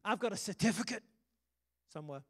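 A man's voice: sits high, lively intonation, a little fast, fairly bright tone. A British man preaching a sermon, emphatic and humorous, with sudden punchy exclamations. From Britain. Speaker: pastor. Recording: long hall reverb.

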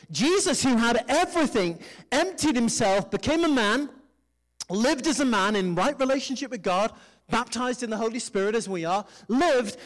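A male pastor preaches in a fairly high, lifted voice with the lively rhythm of a church sermon. He's animated, calling out to the congregation, having them repeat lines back, and poking fun at himself along the way.

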